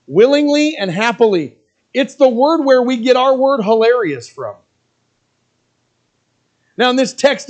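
A middle-aged male pastor preaching a sermon, earnest and plain, who slips into mocking asides as he quotes reluctant givers. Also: extremely high pitch.

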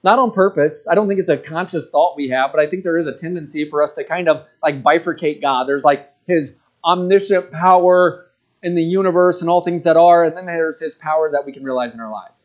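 A man's voice: fairly high pitch, fairly quick, muffled recording. A man in his thirties giving a casual, rambling sermon, full of fillers and joking asides. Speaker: pastor.

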